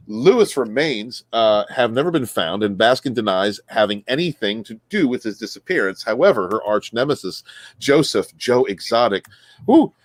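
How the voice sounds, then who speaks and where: A man's voice: fairly low pitch, lively intonation, moderate pace, no room sound. A man hosting a casual podcast, reading news stories aloud, often stumbling, correcting himself and laughing.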